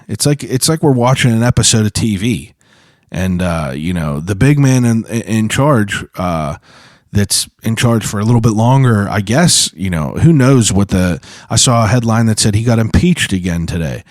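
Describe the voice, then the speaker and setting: A man's voice: lowish voice, animated, normal speed, dry recording, clean studio sound. A man hosting his own podcast solo, talking in a casual, profane, rambling way full of fillers. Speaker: podcast host.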